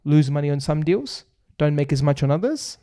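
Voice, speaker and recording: A man's voice: a little high, lively intonation, moderate pace, mellow. A man, a property agency founder explaining investing on a podcast in emphatic runs of points. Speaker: buyer's agency founder, guest. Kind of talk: fast explanatory podcast talk.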